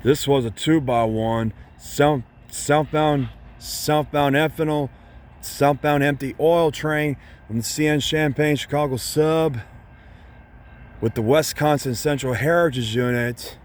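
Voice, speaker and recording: A man filming trains trackside outdoors, talking casually and excitedly, repeating himself and calling out locomotive numbers. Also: a little high, slow. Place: outdoors beside a railway line. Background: passing train, outdoor noise.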